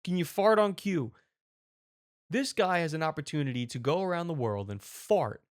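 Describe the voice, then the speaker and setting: A man hosting a comedy commentary show, telling a rambling, animated story. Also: on the high side, moderate pace, no room sound, studio quality. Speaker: show host.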